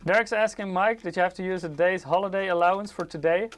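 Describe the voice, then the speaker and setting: A man's voice: high-pitched, quick pace, a bit bright. A man co-hosting a livestream, reading viewers' questions aloud and answering them, laughing often and teasing his co-host. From Europe. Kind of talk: casual livestream chat.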